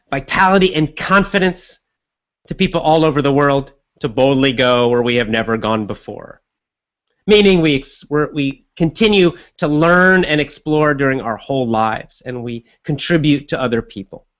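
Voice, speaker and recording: Man, English teacher, fairly high voice, relaxed repetitive coaching, dull lo-fi sound. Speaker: English teacher and podcast host. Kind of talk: conversational lesson monologue.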